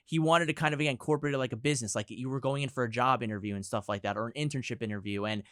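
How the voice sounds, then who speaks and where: A man's voice: mid-range voice, steady tone, very fast, a bit bright, clean tone, no echo, clean studio sound. A young man as a podcast guest, talking in a rambling, hedging way full of filler words. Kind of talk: casual podcast chat.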